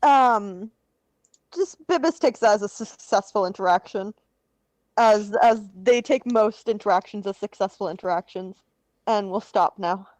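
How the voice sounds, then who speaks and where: A woman's voice: mid-range voice, measured pace, darkish tone, no echo, poor audio. A woman playing a tabletop game, casual and joking. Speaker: player.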